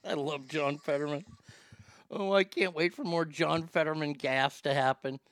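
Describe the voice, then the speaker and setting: A man hosting a podcast in a loud, mocking, casual comedic style, laughing at his own jokes. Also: fairly high pitch, steady tone, normal speed. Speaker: podcast host.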